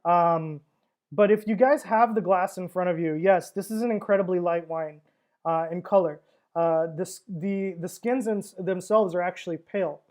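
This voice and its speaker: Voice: mid-range voice, moderate pace, a little mellow. A wine seller hosting a casual livestream tasting, talking in a chatty, rambling way with frequent fillers and laughs.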